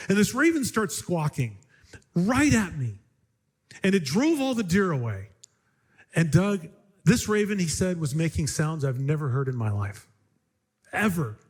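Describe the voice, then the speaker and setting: Pastor in his fifties, slightly high voice, chatty sermon storyteller. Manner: animated, conversational storytelling with many restarts.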